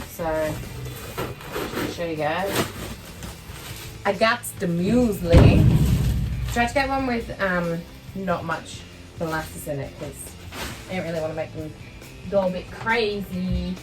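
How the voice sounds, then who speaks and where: Young aussie woman vlogging on her phone, rambly, lots of um and like, lowish voice. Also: measured pace, pauses often. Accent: Australian. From Western Australia. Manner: chatty and rambling, many ums and likes. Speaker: horse-owning vlogger. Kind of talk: casual vlog chat to camera. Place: inside a horse float during rain. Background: background music.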